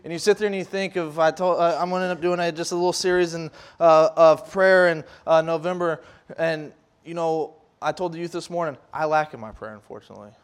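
A slightly high, clean-toned man talks a little fast while preaching loosely as a youth leader. He's animated and plays out the scoffers' voices, his talk loose with fillers and restarts.

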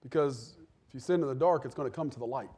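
A man's voice: medium pitch, fast talker, warm tone, husky. A man preaching a sermon in a conversational way, asking the listeners rhetorical questions and repeating words as he builds each point.

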